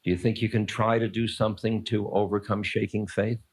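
A man's voice: lowish voice, little pitch movement, brisk, breathy edge, no echo. A man in his sixties giving a live dharma talk, answering audience questions in a conversational, playful, searching way with chuckles and asides. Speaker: spiritual teacher. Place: lecture room with a live audience.

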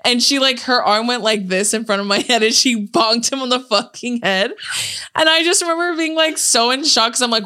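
Bright-voiced woman telling stories animatedly. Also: a little high, brisk. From Hawaii. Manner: animated storytelling, frequent swearing and laughter. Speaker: podcast co-host. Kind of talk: casual chat.

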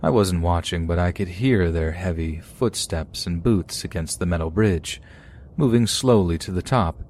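A man hosting a podcast, reading listeners' true horror stories aloud in a steady storytelling way. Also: low-pitched, moderate pace, slight background noise. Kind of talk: scripted horror story narration.

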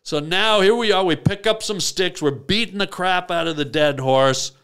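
A man hosting a comic call-in show, telling absurd stories in a deadpan rambling way. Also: sits high, normal speed, clear, resonant tone. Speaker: radio call-in host. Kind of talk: comic radio storytelling.

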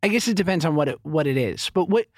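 A man's voice: on the high side, lively intonation, fast talker, dry recording, studio quality. Playful teasing male podcast co-host. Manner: playful, teasing, laughs often. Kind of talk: casual chat.

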